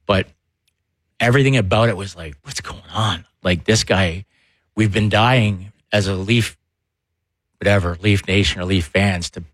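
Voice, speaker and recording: A man co-hosting a sports talk show, telling stories in an animated way and laughing easily. His voice sits a little low. The sound is close and dry. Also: normal speed, pauses often, no echo. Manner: animated storyteller, laughs often. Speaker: sports radio co-host, former player.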